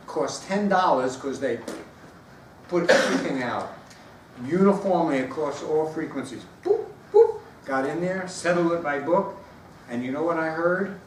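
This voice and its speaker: A man giving a storytelling speech, animated and acting out the voices of the people in it. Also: fairly high pitch, moderate pace. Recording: roomy echo, distant mic, background noise.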